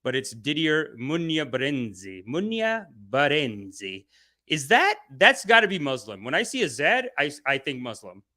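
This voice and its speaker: Bright-voiced joking male livestream host. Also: mid-range voice, big pitch swings, normal speed. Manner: joking, tangent-prone, reads viewer comments aloud. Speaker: comedian and show host. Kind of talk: rambling livestream chat.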